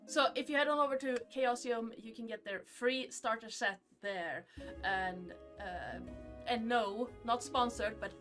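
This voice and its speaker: A woman game master chatting casually at the start of a stream, halting and hesitant with many fillers. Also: a little high, a bit bright, soft background music.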